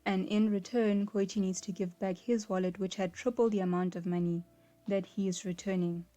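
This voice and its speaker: Mellow-voiced woman in casual commentary. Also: mid-range voice, moderate pace, faint music behind. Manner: animated, acts out quoted characters, frequent "like" and "right?". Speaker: anime video essayist.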